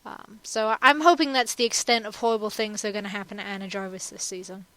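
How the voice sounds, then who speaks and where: A woman chatting casually as a co-host, rambling through animated analysis. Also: medium pitch, fast talker, no room sound, poor audio. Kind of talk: casual chat.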